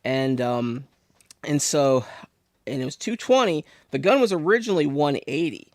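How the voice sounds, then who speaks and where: Pennsylvania guy rambling thru a story, gravelly voice, dry close mic. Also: a little high, moderate pace, no room sound. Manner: rambling, animated storyteller with many restarts. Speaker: podcast guest. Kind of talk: casual storytelling.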